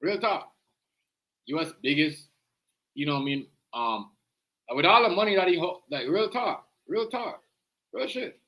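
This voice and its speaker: A man's voice: a little high, expressive, measured pace, long pauses, fairly bright tone. A man with a Jamaican accent hosting a livestream, giving casual reaction commentary in a slangy, emphatic way that keeps circling back with "you know what I mean".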